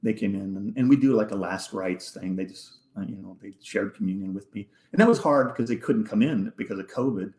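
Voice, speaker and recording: A man, a podcast guest, telling an emotional personal story in a halting way, repeating words and sometimes dropping almost to a whisper. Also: fairly low pitch, a little mellow. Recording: echoey room.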